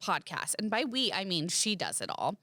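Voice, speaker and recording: A woman's voice: medium pitch, big pitch swings, moderate pace, sharp tone, no room sound, studio quality. A woman co-hosting a podcast, speaking emphatically in casual chat as she defends the show. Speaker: podcast co-host.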